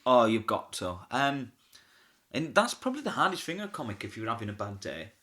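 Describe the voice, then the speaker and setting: This pantomime comic's mid-range voice comes across bright and forward as he relaxes into an interview full of backstage anecdotes. He laughs quickly, chats away, and takes on the voices of the people he quotes.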